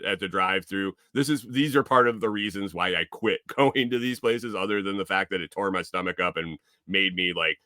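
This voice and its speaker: A man's voice: on the low side, sharp tone, clean tone, no echo, clean studio sound. A man hosting a podcast, talking in a rambling, jokey, profane casual monologue. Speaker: podcast host.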